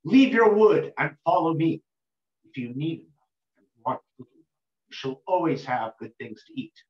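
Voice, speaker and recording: A man voicing a mysterious unseen spirit who gives calm, measured commands in a told folk tale, recorded roomy and dull. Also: fairly high pitch. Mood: beckoning.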